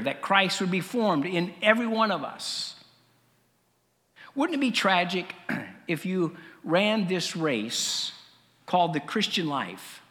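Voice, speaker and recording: A middle-aged man preaching a sermon as pastor, conversational, with fillers and frequent throat clearing. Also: high voice, pushed and bright, big-room sound.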